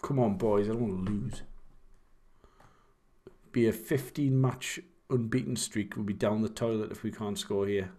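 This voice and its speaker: A man's voice: lowish voice, steady tone, moderate pace, warm tone. A young man, casually chatting and rambling while commentating on his own game. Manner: rambling, chatty, self-deprecating. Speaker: streamer.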